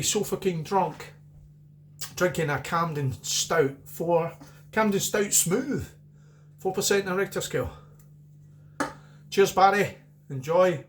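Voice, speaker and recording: A man's voice: on the high side, slight background noise. A middle-aged Scottish man chatting casually through a beer review, rambling and repeating himself.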